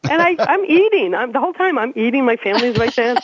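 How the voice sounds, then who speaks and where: A woman in her fifties from Massachusetts, a guest telling her life story in an animated, chatty way and laughing as she goes. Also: fairly high pitch, fast talker, slight background noise. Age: 50s. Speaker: interview guest. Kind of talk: casual storytelling. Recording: dry, tinny phone-like radio sound.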